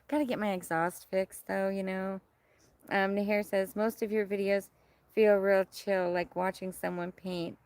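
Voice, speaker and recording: A woman's voice: medium pitch, little pitch movement, unhurried, darkish tone, smooth, no echo. A middle-aged woman from Canada hosting a casual livestream outdoors, chatting and reading viewer comments in a bubbly, hyper way. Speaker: livestream host. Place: outdoors in her yard.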